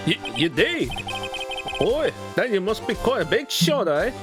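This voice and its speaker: Man putting on a high, stammering Canadian judge, fussy, eh-tagging, game music behind. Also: sing-song, a little slow. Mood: flustered. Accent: put-on Canadian. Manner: stammering, tacks on "eh". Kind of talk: fan dub of a game.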